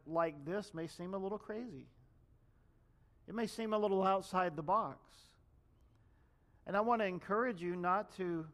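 High-voiced man preaching conversationally. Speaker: pastor. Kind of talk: sermon.

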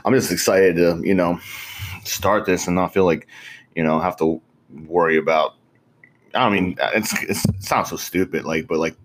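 A young man in his twenties with a fairly low voice chats casually. He rambles and swears freely. He peppers his talk with "bro" and frequent laughs. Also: fairly even intonation, normal speed, slight background noise. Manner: profane, rambling, laughs often, says "bro". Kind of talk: casual chat.

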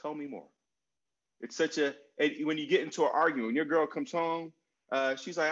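A man in his forties answers at length in a casual conversation, drifting into personal stories and repeating his key phrases. He fills pauses with "um" and "you know". The recording sounds slightly muffled and lo-fi. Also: a little high, steady tone, fairly bright tone. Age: 40s. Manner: storytelling, repeats phrases, many fillers. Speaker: guest speaker on mental health.

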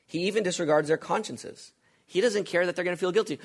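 Emphatic preacher, man, slightly high voice. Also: fast talker, slightly rough. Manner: emphatic, repeats phrases, asks rhetorical questions. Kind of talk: sermon.

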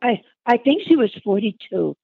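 An older woman talks through memories in a chatty way, calling the listener hon and honey as she goes. Her voice is gravelly, with a worn grain to it. The sound is tinny and phone-like, close and dry with no room around it. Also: fairly high pitch, big pitch swings, normal speed, dry recording. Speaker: interviewee. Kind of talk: reminiscing conversation.

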